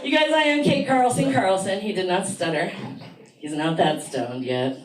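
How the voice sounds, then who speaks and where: A woman's voice: on the low side, normal speed. A woman doing stand-up comedy in a small theater, brash and chatting with the crowd. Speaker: stand-up comic. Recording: echoey room, mic from far, noisy.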